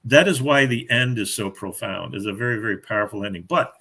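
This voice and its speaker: A man's voice: medium pitch, lively intonation, takes it slowly, vocal fry, pauses often, fairly bright tone. An older man, a guest author, chatting casually and telling stories with frequent laughter. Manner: chatty storyteller, laughs often. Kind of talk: casual chat.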